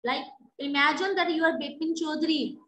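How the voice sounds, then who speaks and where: A woman's voice: sits high, steady tone, fairly quick, a bit bright, roomy sound, slight background noise, poor audio. A woman teacher giving patient, explanatory feedback in an online class, often checking that students understand. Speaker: English teacher.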